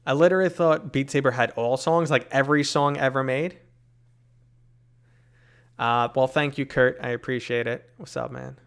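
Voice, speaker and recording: A man's voice: medium pitch, fairly even intonation, normal speed, gravelly, clean tone. A man from New York City with a New York accent, casually answering live chat questions, full of fillers and tangents. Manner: rambling, many fillers, reads chat aloud.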